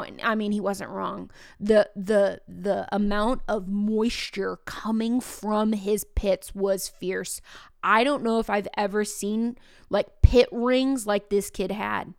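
Teacher-host woman, casual storyteller, a touch of vocal fry, dry close mic. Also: medium pitch, unhurried, dry recording. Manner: animated, acts out students' voices in quotes.

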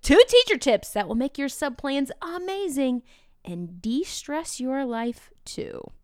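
Energetic Midwestern woman podcast host. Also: high voice, slow, no echo, clean studio sound. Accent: Midwestern American. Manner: energetic, chatty, playful asides to listeners. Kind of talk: upbeat podcast monologue.

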